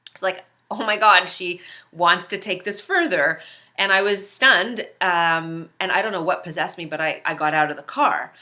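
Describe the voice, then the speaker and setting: A woman's voice: medium pitch, bright, forceful tone. A woman hosting a video series, telling a personal story in a casual, earnest way with many filler words. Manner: conversational, heavy use of filler words; earnest, reflective. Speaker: host.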